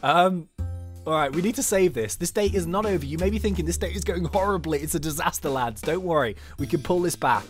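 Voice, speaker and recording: A man's voice: a little high, fairly quick, soft background music. A man doing chatty, self-mocking gameplay commentary as a YouTuber.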